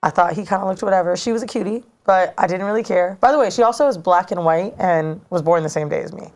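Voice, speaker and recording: A woman in her thirties telling a story in casual chat as a podcast co-host, animated and slangy, recorded in a studio. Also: lowish voice, quick pace. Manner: animated, slangy, dramatic retelling.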